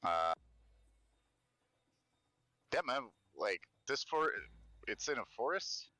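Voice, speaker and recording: A man's voice: medium pitch, sing-song, takes it slowly, sharp tone, no room sound. A man playing a tabletop game, laid-back and a bit crude, thinking aloud about his next move. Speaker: player. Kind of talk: casual tabletop game chat.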